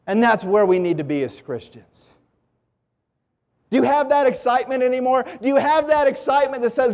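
A man preaching a sermon with passion, his voice climbing into loud pleading and dropping to hushed lows. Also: animated, brisk. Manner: impassioned, swings from loud pleading to low hushed.

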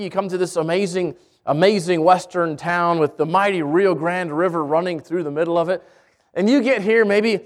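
A man preaching a sermon, reading scripture and telling a story with lively asides and frequent restarts. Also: sits high. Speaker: pastor. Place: church in Albuquerque.

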